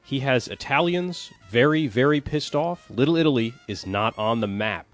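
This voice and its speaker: A man co-hosting a show, going through trending news topics in a low-key, matter-of-fact way. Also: expressive, moderate pace, faint music behind. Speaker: co-host presenting trending topics. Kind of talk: casual news rundown.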